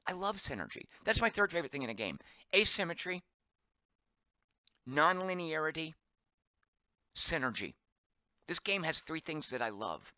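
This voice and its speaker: Chatty lively-voiced male game streamer. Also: a little high, normal speed, pauses often, no room sound, muffled recording. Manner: chatty, reads chat aloud, thinks out loud. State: voice going hoarse. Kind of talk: live gameplay commentary.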